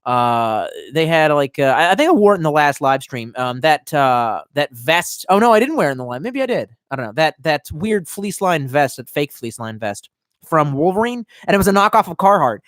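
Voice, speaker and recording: A man's voice: a little high, very animated, brisk, a bit bright, dry recording, studio quality. A young man ranting casually to his live chat, profane and rambling. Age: young adult. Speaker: live streamer.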